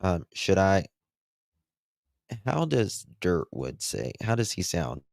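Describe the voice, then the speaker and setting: A deep-voiced man with a gravelly edge hosts a true crime livestream and talks emphatically to his chat. He speaks unhurriedly, and the sound is dry and close. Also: big pitch swings, slow, darkish tone, no room sound. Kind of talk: casual livestream commentary.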